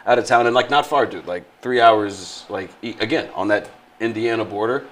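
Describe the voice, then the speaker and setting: A man's voice: on the low side, moderate pace. A man co-hosting a radio show, chatting in a sarcastic, rambling way and laughing often. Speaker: radio co-host. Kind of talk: casual studio banter.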